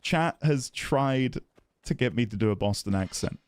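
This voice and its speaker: A man's voice: mid-range voice, lively intonation, normal speed. A man chatting casually on a live stream while playing a game, giggly and self-deprecating.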